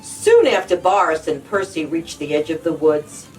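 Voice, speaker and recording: A woman librarian reading a children's storybook aloud in an expressive, sing-song way. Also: low voice, normal speed, far from the mic, faint music behind, rough recording.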